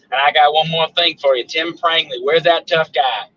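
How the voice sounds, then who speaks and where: A Southern-accented man calls in to a live show, ribbing the host in a folksy, teasing drawl. His voice sits a bit high and comes through a dull, lo-fi line. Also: steady tone, normal speed, pushed and bright. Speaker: caller. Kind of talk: casual call-in banter.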